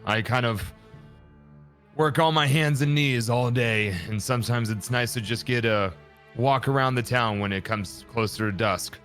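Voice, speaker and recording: A man's voice: medium pitch, normal speed, a bit bright, faint music behind, lightly acted. A man voicing a weary old man in disguise who talks hesitantly with many ums in a tabletop game. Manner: hesitant, rambling, lots of ums. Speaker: player.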